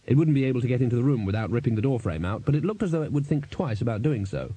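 A man reading a novel aloud as an audiobook narrator, in a steady storytelling manner. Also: medium pitch, rapid-fire, slightly rough, no echo. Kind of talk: scripted narration.

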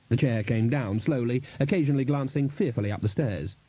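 A man narrating an audiobook in a lively, expressive reading on a close studio mic. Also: mid-range voice, fast talker, few pauses, husky, dry recording, rough recording.

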